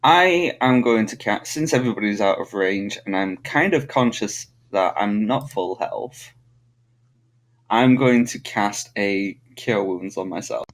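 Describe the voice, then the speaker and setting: A man's voice: fairly low pitch, expressive, unhurried. A man playing a tabletop game, hesitant and self-mocking about his moves. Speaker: player. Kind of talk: casual tabletop play.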